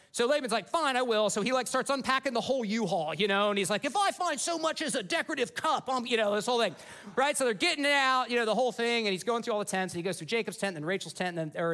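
Animated, high-voiced male preacher. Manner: animated, casual storytelling. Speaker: pastor. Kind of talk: sermon.

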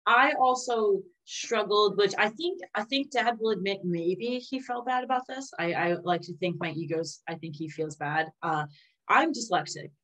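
A woman's voice: mid-range voice, normal speed, a bit bright, rough recording. A young woman in casual conversation, co-hosting and candidly telling stories from her childhood, laughing at times.

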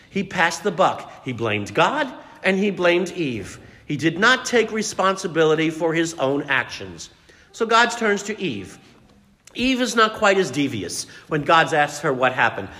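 Animated man preaching in a church. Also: high voice, unhurried, in a large hall. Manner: dramatic storytelling, asks the congregation questions. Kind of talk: sermon.

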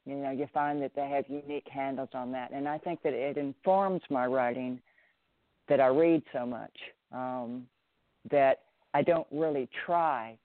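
A man's voice: medium pitch, steady tone, unhurried, dry recording, narrow, tinny audio. A middle-aged man with a Southern US accent, a writer answering interview questions thoughtfully, often restarting and repeating words. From Southern United States.

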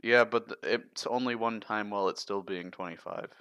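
A man co-hosting a casual podcast, reading long riddles aloud in a steady listing way. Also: on the low side, moderate pace, clean tone, no room sound, highs cut off. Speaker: podcast co-host.

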